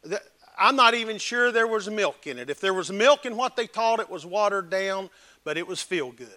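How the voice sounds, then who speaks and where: A man preaching a sermon, emphatic, swinging between loud exhortation and hushed earnest talk. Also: sits high, animated, normal speed.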